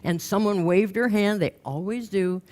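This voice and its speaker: A woman's voice: mid-range voice, normal speed. A woman career coach giving a talk, telling anecdotes and acting out the people in them. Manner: animated, acts out the people in her anecdotes. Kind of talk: storytelling talk to an audience.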